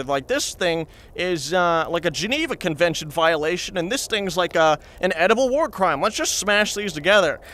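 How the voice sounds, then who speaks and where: A high-pitched man spins a long comic anecdote in character as a reporter. He meanders and chats straight to his viewers, full of asides and fillers. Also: a bit bright. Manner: chatty, meandering, addresses viewers. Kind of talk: comedic rambling anecdote.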